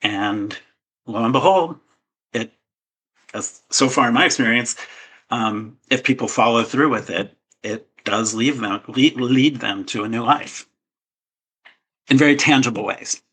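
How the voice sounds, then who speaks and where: A man's voice: mid-range voice, unhurried, long pauses, fairly bright tone, breathy edge, rough recording. A man speaking as an author guest in an interview, earnest and a little hesitant, with many fillers and restarts. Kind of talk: casual interview talk.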